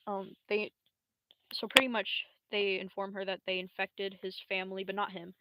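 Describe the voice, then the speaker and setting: A woman's voice: medium pitch, little pitch movement, normal speed, background noise. Rambling, slangy young woman streamer. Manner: rambling, slangy, many fillers like bruh and um. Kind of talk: casual live-stream storytelling.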